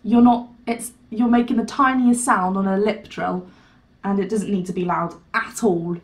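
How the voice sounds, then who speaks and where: A woman's voice: medium pitch, steady tone, moderate pace. A young woman, a singing teacher, chatting casually to the camera at home, rambling and laughing with lots of fillers. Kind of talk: casual vlog chat.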